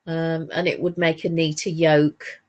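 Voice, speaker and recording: A woman's voice: low voice, level tone, unhurried, lo-fi sound. A woman from northern England, co-hosting a crafting podcast in casual, rambling chat full of restarts. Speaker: podcast co-host.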